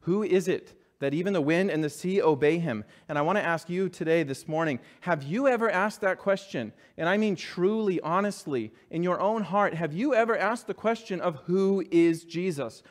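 Earnest preaching man, fairly high voice. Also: normal speed, few pauses. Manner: earnest preaching, dropping soft and low for scripture, rising for emphasis. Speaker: pastor. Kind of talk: sermon.

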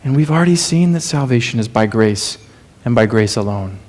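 A man preaching a sermon, earnest and questioning, often dropping to a soft, low delivery for emphasis. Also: lively intonation, a little fast.

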